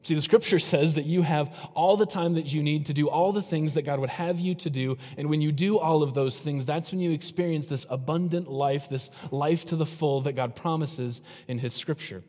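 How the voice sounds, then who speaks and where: A man's voice: fairly high pitch, normal speed, few pauses, darkish tone. A middle-aged male pastor preaching a sermon in a conversational way, throwing rhetorical questions at the congregation. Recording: long hall reverb.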